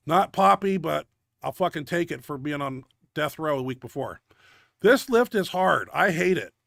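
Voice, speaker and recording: Middle-aged male host, out of breath, gravelly and profane, dry close sound. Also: on the high side, a bit bright, no room sound. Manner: blunt, profane gym talk. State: winded and out of breath. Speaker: host of a powerlifting video show. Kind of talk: casual commentary over lifting videos.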